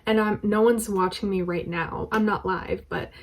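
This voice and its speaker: A woman's voice: mid-range voice, fairly even intonation, normal speed, low-quality recording. A woman speaks casually to a camera resting on her bed in her bedroom. Her voice carries a faint nervous tremble as she chats through her vlog. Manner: nervous, voice shaking slightly. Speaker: vlogger. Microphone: camera propped on her bed.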